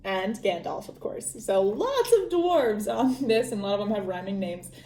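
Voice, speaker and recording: A woman's voice: mid-range voice, lively intonation, moderate pace, mellow. A young woman casually summarizing a book as podcast host, chatty with lots of fillers and frequent laughs. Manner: chatty, lots of ums and likes, laughs often. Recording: echoey room.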